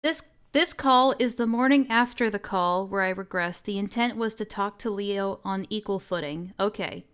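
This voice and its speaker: A woman's voice: medium pitch, moderate pace, few pauses, a bit bright, clear, resonant tone. A woman streamer giving casual reaction commentary, laughing often and swearing freely.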